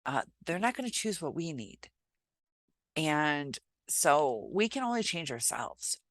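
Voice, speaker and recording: A woman vlogger talking to camera in a reflective, halting way, pausing often as she gives relationship advice. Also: sits low, big pitch swings, no room sound. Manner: reflective, halting, many pauses and filler sounds. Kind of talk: casual advice talk to camera.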